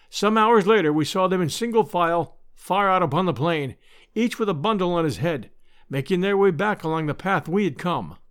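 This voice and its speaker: Male audiobook narrator, expressive storytelling, high voice, very lively pitch. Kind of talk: scripted narration.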